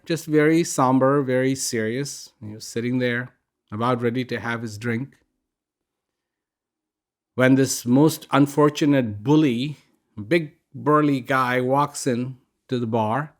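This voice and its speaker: An older man giving a reflective broadcast talk, unhurried and conversational, with asides and soft laughs while he tells a joke. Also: mid-range voice.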